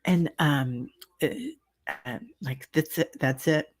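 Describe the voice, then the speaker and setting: Middle-aged lady doing a tarot livestream, slow and chatty, lots of ums, kinda rambly. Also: low voice. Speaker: tarot reader and medium. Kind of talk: casual livestream chat with viewers.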